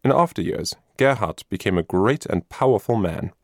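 Male storybook narrator, low and lively voice, dry close sound. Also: normal speed, creaky, dry recording. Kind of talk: storybook reading.

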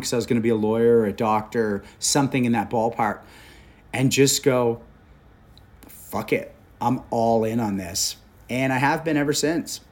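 Candid man in his forties telling stories. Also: mid-range voice. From Canada. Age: 40s. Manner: animated, candid storyteller. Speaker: actor, interview guest. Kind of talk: casual storytelling conversation.

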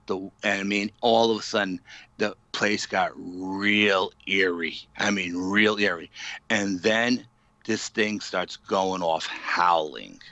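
A paranormal investigator tells a story in an interview, a vivid storyteller who uses many fillers and acts out what people said. His low-pitched voice is slow with a sharp tone, and the recording is muffled.

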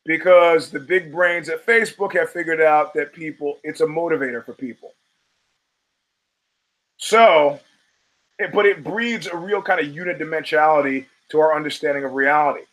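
A man's voice: on the high side, normal speed, fairly bright tone, rough recording. A man hosting a solo podcast, talking in a wry, profane, digressive way with emphatic punches. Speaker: podcast host.

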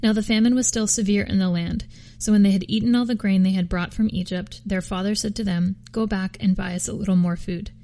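Woman reading scripture, warm low-toned voice, steady pace, small slips and restarts. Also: brisk, few pauses. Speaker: podcast reader.

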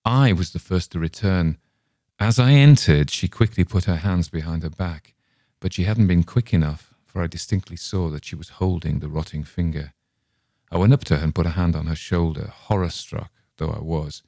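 A man hosting a show, reading a horror story aloud in a measured, dramatic way. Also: rumbling low, dark tone, no echo, studio quality. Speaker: host and reader.

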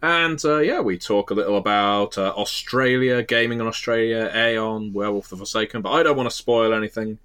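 A man's voice: on the low side, fairly quick, hardly any pauses, fairly bright tone, clear, resonant tone. A man with a Southern English accent hosting a casual podcast chat, self-deprecating and full of filler restarts. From England. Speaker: podcast host and interviewer.

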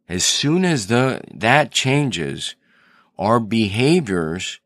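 Podcast host, man, deep unhurried voice, earnest storyteller, close dry mic. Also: fairly bright tone, no echo. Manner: earnest storyteller, thinking aloud with restarts. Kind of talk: reflective solo podcast talk.

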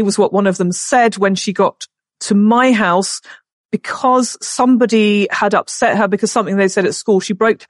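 A woman's voice: medium pitch, moderate pace, dry recording, studio quality. A middle-aged woman, a podcast guest who tells a story and acts out the voices in it. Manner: animated, acts out the voices in her stories.

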